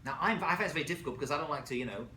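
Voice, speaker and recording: A man teaching a lively class as a rabbi, telling stories with acted-out quotes and checking in with frequent asides. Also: fairly high pitch, rapid-fire. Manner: animated storytelling with acted quotes, many "right?" asides. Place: college classroom. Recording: echoey room, faint noise.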